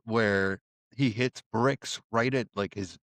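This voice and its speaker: A man's voice: fairly low pitch, takes it slowly, a bit bright, dry recording. Man chiming in on a movie chat. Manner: laughs along, reacts with enthusiasm. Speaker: podcast co-host.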